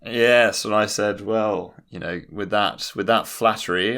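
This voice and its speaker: Brief: young London man with a British accent, very low voice, dry comic storyteller for a podcast. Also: fairly even intonation, measured pace, a bit bright. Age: young adult. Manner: wry, dry anecdotal delivery. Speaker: podcast co-host. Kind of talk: casual comedic storytelling.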